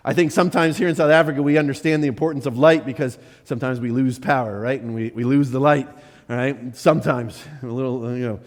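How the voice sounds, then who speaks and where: A man's voice: medium pitch, fairly even intonation, fast talker. A male missionary pastor giving a conversational sermon, often restarting and checking in with "right?". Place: church sanctuary. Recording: church hall reverb.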